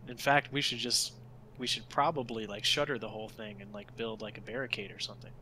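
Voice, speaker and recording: A man's voice: on the low side, a little fast, a little hiss or hum. A man playing a tabletop game who chats casually and jokes with the table. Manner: joking, animated, laughs often. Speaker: player.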